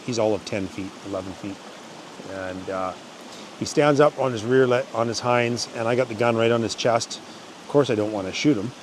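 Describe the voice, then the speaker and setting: A man's voice: mid-range voice, slight background noise. A man hosting his channel, casually telling hunting stories, rambling with restarts. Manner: rambling, restarts, animated yells in quoted parts. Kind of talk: casual storytelling to camera.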